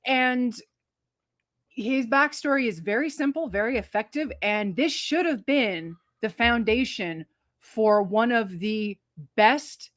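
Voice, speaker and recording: A woman co-hosting a casual movie review, talking in an animated, emphatic and profane way, acting out scenes as she retells them. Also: a little high, slow, no echo, clean studio sound. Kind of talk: casual spoiler-filled movie review chat.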